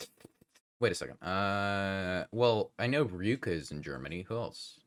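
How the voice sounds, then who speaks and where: A man's voice: low voice, lively intonation, normal speed, no room sound, studio quality. A man hosting a casual livestream interview, laid-back and swearing freely as he stumbles over his words. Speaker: streamer host interviewing a guest.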